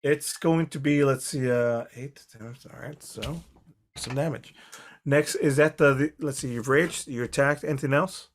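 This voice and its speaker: A man running a tabletop game as game master, narrating in halting bursts with many restarts. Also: medium pitch.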